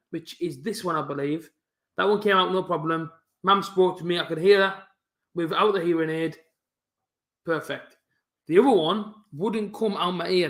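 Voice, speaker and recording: Young male streamer, rapid mumbled delivery with a stutter, casual chat; roomy echo. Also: fairly high pitch, a bit bright. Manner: fast-talking, mumbling, with a stutter. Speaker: football fan streamer hosting a live match watch-along.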